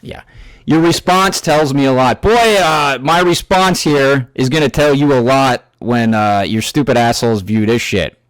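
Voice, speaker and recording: An angry man rants through a reaction video and swears in nearly every sentence, stopping and restarting as he talks. His pitch sits in the middle range. The sound is dry and close, with no room echo. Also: fairly bright tone. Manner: angry, heavily profane ranting; halting, with restarts and fillers. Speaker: YouTube commentator. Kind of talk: ranting reaction commentary.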